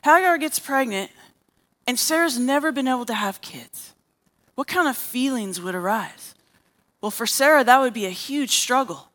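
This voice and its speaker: Woman preacher with a high voice, delivers a sermon by retelling stories and voicing the characters. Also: animated, normal speed, a bit bright. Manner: storytelling, acting out quoted characters. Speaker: preacher and therapist.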